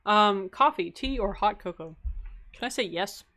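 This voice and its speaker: A young woman chats her way through a live game stream, answering viewer questions in a loose, rambling way. She laughs often between answers and fills her pauses with ums and asides. Her voice sits at a middle pitch for a woman. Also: bright, forceful tone. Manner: rambling, with many fillers and asides. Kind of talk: casual live-stream chat.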